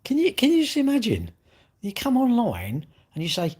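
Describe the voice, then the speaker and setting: A man's voice: very high voice, huge pitch swings, normal speed, a little mellow, husky. An English man hosting a livestream, rambling and mocking in casual chat as he reads and answers comments. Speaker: livestream host.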